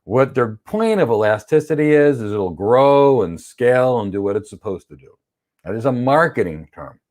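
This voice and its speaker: A man runs a livestream lesson, answering viewer questions about cloud architecture in a blunt, opinionated way. His voice sits at a typical middle pitch for a man. He sometimes acts out quick examples in playful voices. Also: animated, a little mellow. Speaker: cloud certification instructor. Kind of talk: livestream Q&A teaching.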